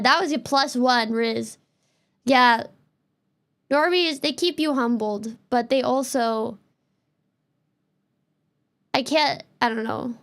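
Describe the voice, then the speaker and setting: A woman from Canada streams and talks over a game in a loose, rambling way, her high voice quick to turn exasperated. The tone is bright and sharp and stays that way throughout. She chats casually to her audience. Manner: rambling, exasperated, fast-talking. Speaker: VTuber streamer. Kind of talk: casual gameplay commentary.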